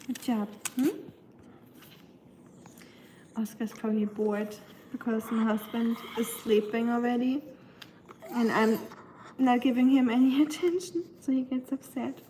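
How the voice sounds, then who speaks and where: This young adult woman with a Southern American accent and a nasal voice chats casually on a livestream from her home kitchen. Her fairly high voice is mellow and fairly even, unhurried with long pauses, on a low-quality recording with a little hiss or hum. She talks to her dog in a sing-song baby voice.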